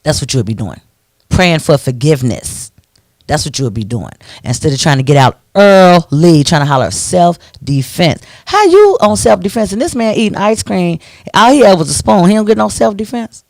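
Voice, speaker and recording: A man's voice: high-pitched, normal speed, gravelly, no room sound, studio quality. Ranting man hosting talk radio. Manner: animated, preachy ranting. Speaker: radio talk show host.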